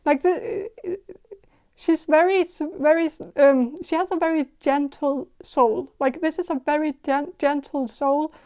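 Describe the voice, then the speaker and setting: A woman giving a casual tarot reading, talking in a halting, hesitant way with many fillers and restarts. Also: sits high, fairly even intonation, dark tone. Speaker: tarot reader.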